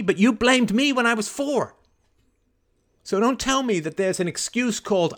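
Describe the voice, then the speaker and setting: Indignant man arguing forcefully. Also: very high voice, lively intonation. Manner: argues in rapid rhetorical questions. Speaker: host. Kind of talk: call-in advice show, role-playing a confrontation.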